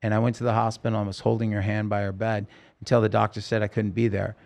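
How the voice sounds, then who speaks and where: A singer-songwriter guest on a podcast, telling a personal story earnestly and emotionally in halting sentences full of restarts. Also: male voice, on the low side, completely flat delivery, vocal fry, darkish tone.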